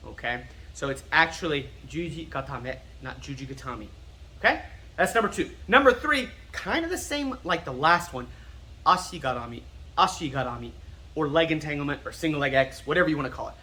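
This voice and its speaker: American man, martial arts instructor, slightly high voice, bright, nerdy, drills words by repeating them. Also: animated, fast talker. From United States. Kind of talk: casual explanatory teaching.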